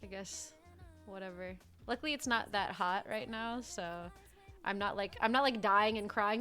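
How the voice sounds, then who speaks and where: A young woman livestreamer in casual chat, telling stories in a chatty, animated way and swearing freely. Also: medium pitch, moderate pace, faint music behind.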